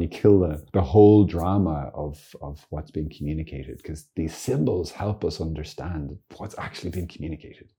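A man, a priest, giving an informal teaching talk, earnest and lively with joking asides. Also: deep voice, breathy edge. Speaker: Catholic priest.

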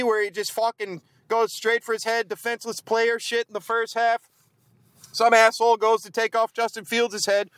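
A man's voice: very high-pitched, fairly bright tone, clean tone, dry recording. A man giving a profane, grumbling post-game rant as a fan vlogger. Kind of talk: ranting post-game chat. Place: outdoors in the cold.

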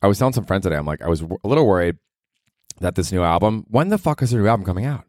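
A man's voice: low-pitched, lively intonation, rapid-fire, a little mellow, dry recording, clean studio sound. A man hosting his own podcast, talking in a rambling, profane, self-mocking comedic monologue. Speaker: podcast host.

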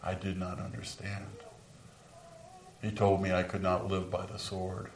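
A man's voice: low-pitched, monotone, unhurried, slight background noise. A man performing a first-person dramatic monologue as the apostle Peter, remorseful over his denial, speaking earnestly in a large room and dropping to whispers at moments of grief. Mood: grave. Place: large room with a live audience. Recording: roomy sound from a distant mic.

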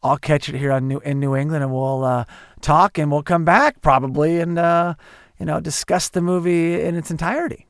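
Casual male co-host, gravelly, dry close sound. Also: fairly high pitch, fairly even intonation, normal speed, no room sound. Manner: enthusiastic, chatty. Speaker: podcast co-host. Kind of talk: casual chat.

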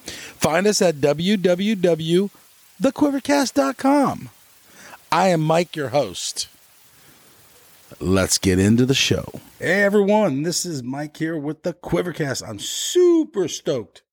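A man's voice: fairly high pitch, big pitch swings, slow pace, no echo. Laid-back surfer-talking male podcast host. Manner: laid-back surfer slang, laughs along. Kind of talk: casual interview.

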